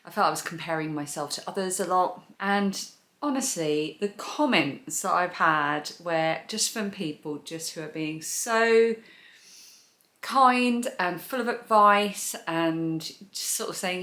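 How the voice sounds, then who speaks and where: Filming at home, a British woman rambles through a casual crafting vlog, full of hesitations, fillers and false starts. Her fairly low voice has a fairly bright tone and runs a little slow, with the echo of the room audible.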